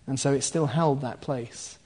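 A man's voice: mid-range voice, measured pace, slightly rough. A man preaching, retelling and explaining a scripture passage in a conversational teaching style, with asides to his listeners. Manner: explains scripture line by line with asides and soft laughs.

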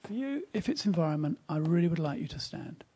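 A man preaching at a church service, telling a story with emphasis and dropping to a hushed tone at quiet moments. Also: a little high, big pitch swings, quick pace, slightly rough. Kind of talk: sermon with storytelling.

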